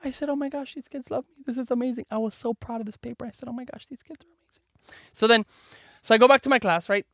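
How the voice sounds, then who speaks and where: A man hosting a podcast, telling a story to his daughter in a chatty, animated way, full of "like" and "right?", and acting out the voices of the people in it. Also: extremely high pitch, fast, no room sound, studio quality. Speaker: podcast host.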